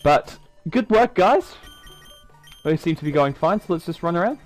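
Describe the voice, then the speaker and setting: A man talks his way through a video game playthrough in a chatty, self-mocking manner. His voice sits a little high and bounces around a lot, with faint music underneath. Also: animated, normal speed, low-quality recording. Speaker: gaming YouTuber. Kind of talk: let's-play commentary.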